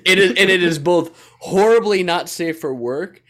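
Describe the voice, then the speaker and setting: A man's voice: high voice, moderate pace, fairly bright tone. A young man co-hosting a casual chat, laughing often, swearing freely and acting out what people say. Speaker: podcast co-host.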